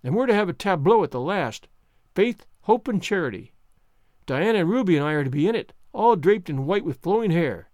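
A man's voice: sits high, expressive, a little fast, a little mellow, dry recording. A man voicing a gushing, dreamy young girl. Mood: eager. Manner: breathless, gushing, romantic. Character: chatty, dreamy, excitable orphan girl.

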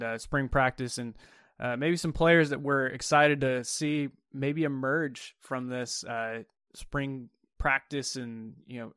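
A man's voice: mid-range voice, fairly bright tone, smooth, no room sound. A young man hosting a casual sports talk show, laid-back and often laughing, with a dry close sound. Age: young adult. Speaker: podcast host.

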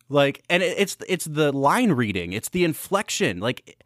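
A man's voice: fairly high pitch, sing-song, measured pace, a bit bright, dry recording. A man co-hosting a podcast, talking through a film with enthusiasm and close attention to acting. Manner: enthusiastic, analytical. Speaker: podcast co-host. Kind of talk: casual film review chat.

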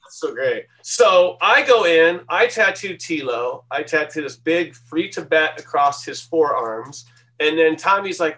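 A man's voice: a little high, measured pace. Storytelling man, slightly distant mic. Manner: lively anecdotal, acts out quoted voices. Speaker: guest tattoo artist. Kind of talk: storytelling interview.

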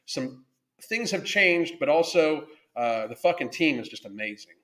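A man's voice: fairly high pitch, animated, measured pace, fairly bright tone. A man hosting a livestream, ranting bluntly and swearing constantly, reading viewer comments aloud between tirades. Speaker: livestream podcast host. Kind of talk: profane ranting livestream monologue.

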